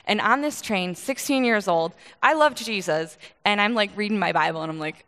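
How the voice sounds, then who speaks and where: A woman from Michigan delivers a relaxed, story-driven sermon, full of quick asides and easy laughter. Her voice sits in a middle register. A long reverb trails each phrase, as if she is speaking in a large church hall. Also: mid-range voice. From Michigan, USA. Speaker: preacher. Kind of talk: conversational sermon.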